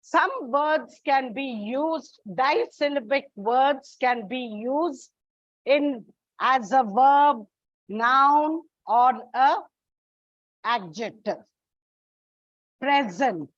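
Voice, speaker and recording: At a measured pace, a high-pitched woman runs an English exam prep lesson, repeating the main points and spelling letters aloud. There's no echo, and the sound is dry, slightly dull and lo-fi.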